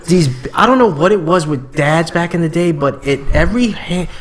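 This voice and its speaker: A young man co-hosting a podcast, telling stories in loose casual chat, swearing freely and jumping up into high voices for imitations. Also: expressive, normal speed, over a noisy crowd. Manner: loose storytelling, swears a lot, jumps into high-pitched imitations. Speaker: podcast co-host.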